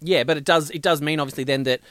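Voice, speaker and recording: A man's voice: on the high side, steady tone, fast, a bit bright, dry recording, clean studio sound. A man co-hosting a casual podcast, rambling and joking. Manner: jokey, puts on mock foreign accents. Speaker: podcast co-host. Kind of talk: casual chat about a sci-fi show.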